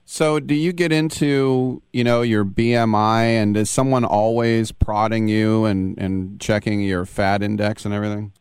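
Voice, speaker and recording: A male radio host with a smooth, clear and somewhat low voice, asking a guest playful, joking questions. His voice sounds dry and close to the mic, with no room echo. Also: level tone, unhurried, hardly any pauses, a little mellow. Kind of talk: radio interview.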